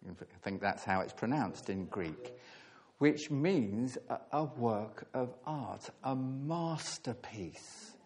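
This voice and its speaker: A man preaching a sermon, earnest and emphatic, leaning hard on key words with pauses between phrases. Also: medium pitch, animated, a little mellow.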